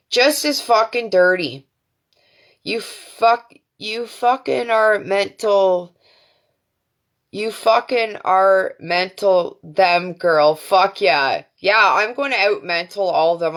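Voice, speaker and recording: A woman's voice: medium pitch, fairly bright tone. A Canadian woman hosting a live stream, ranting in a profane, defiant way with many fillers. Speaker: livestream host. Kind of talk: angry livestream rant. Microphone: phone or webcam on a live stream.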